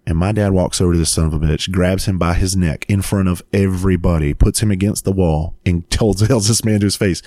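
A man and father telling a story in casual chat, animated and swearing freely, laughing as he goes. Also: sits low, a little fast, hardly any pauses, dry recording, clean studio sound.

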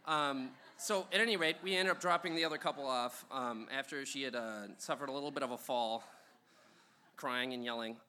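A man's voice: mid-range voice, a little fast, sharp tone, slight background noise. A young man telling a funny personal story at a live show, rambling with lots of ums and uhs and chuckles.

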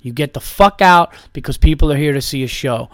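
A man's voice: a little high, brisk, dry recording. Profane, rambling man on a dry mic. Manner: profane, rambling storytelling with many restarts. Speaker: podcast host and stand-up comedian. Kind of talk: casual podcast monologue.

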